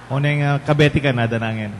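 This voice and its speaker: A man's voice: mid-range voice, fairly even intonation, very fast. A man with a Filipino accent, a parish priest giving a conversational homily and putting rhetorical questions to the congregation. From Philippines. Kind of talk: bilingual homily. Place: large church. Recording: long church reverb, faint hum.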